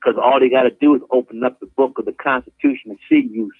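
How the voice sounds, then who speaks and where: A man's voice: mid-range voice, fairly even intonation, quick pace, no echo. Guy preaching over a tinny dry phone line, acts out scenes, laughs a lot. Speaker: guest activist. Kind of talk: impassioned talk-show preaching. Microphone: phone call.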